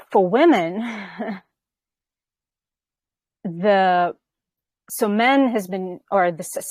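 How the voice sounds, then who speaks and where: A woman's voice: fairly low pitch, dry recording. A woman hosting a spiritual conversation, explaining earnestly and often checking in with "right?" as she talks. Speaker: podcast host.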